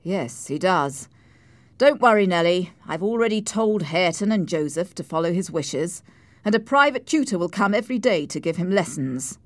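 A woman's voice: lowish voice, lively intonation, moderate pace, no echo, close to an everyday voice. A woman voicing a harsh, scheming male landowner in an audiobook, speaking in a commanding, cold and sarcastic way. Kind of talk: audiobook character reading.

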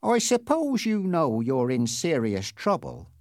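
A man reading the part of a big, red-faced motorcycle policeman who taunts softly and sarcastically, then turns stern and severe. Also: fairly high pitch, huge pitch swings, measured pace, no echo, studio quality. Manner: soft sarcastic taunting that bursts into loud shouting. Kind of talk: audiobook character reading.

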